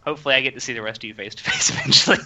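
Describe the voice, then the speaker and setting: Bright-voiced young man hosting a podcast. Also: medium pitch, a little hiss or hum. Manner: animated, laughs often, quick asides. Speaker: podcast host. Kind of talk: casual podcast chat.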